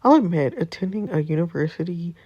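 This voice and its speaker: A woman's voice: lowish voice, expressive, brisk, dark tone, no room sound, highs cut off. A woman reading the lines of a possessive, blunt young wife in a story game, and its narration.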